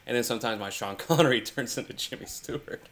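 A man co-hosting a live whiskey tasting stream, relaxed and joking. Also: medium pitch, fast talker. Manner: relaxed, joking, laughs often. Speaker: co-host. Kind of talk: casual live tasting chat. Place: home in Kentucky.

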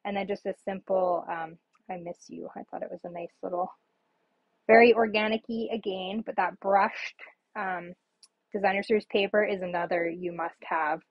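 A woman's voice: medium pitch, fairly even intonation, normal speed, no echo, lo-fi sound. A woman casually showing her handmade paper cards on a live stream, chatty and rambling with many ums. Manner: chatty, rambling, frequent ums, laughs at herself. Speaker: papercraft demonstrator. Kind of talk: casual live craft demo.

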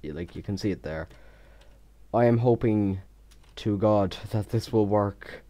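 Young male YouTuber, low and soft-toned, chatty and self-mocking, stutters. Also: unhurried. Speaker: Minecraft YouTuber. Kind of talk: casual voice-over of a build time lapse.

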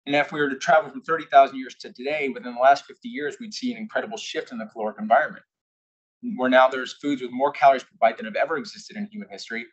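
A man speaks to a live audience with a husky edge to his voice, recounting a candid personal story. He sometimes acts out past exchanges. His pitch sits in the ordinary middle range for a man. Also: big pitch swings, very fast, muffled recording. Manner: candid storytelling, acting out shouted quotes. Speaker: invited speaker. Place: corporate headquarters presentation room.

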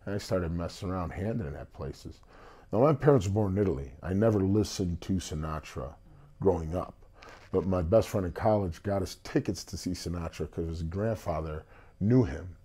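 Deep, husky man. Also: normal speed. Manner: animated storyteller, acts out quotes. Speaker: singer, interview guest. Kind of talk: casual storytelling interview.

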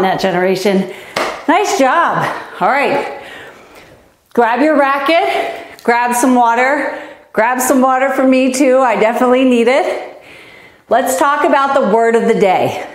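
A woman's voice: on the high side, reverberant. A woman coaching a youth tennis class in an upbeat, encouraging way, counting down and cheering the kids on as she exercises. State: out of breath. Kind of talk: energetic live-stream fitness coaching.

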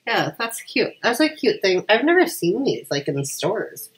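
A woman's voice: mid-range voice, very animated, moderate pace, husky, low-quality recording. A woman chatting casually through an unboxing while she has a cold, rambling with lots of fillers. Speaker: vlogger.

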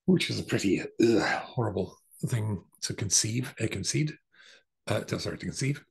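A man's voice: on the low side, animated, moderate pace, creaky, poor audio. A man, a rabbi, telling a long personal story in a rambling, anecdotal way with many asides. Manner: anecdotal, digressive, with asides and restarts. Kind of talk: storytelling talk.

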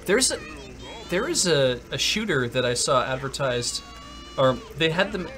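A man co-hosting a game stream, chatting casually and rambling with lots of halting fillers. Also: on the high side, very animated, over music. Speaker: stream co-host. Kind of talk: casual gameplay chat.

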